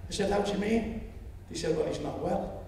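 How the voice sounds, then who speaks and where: A man in his seventies with a Liverpool accent, telling a story at a public meeting and rising to loud indignation. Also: high voice, fairly quick, slight background noise. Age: 70s. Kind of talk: impassioned public speech. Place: lecture hall. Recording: echoey hall, distant mic.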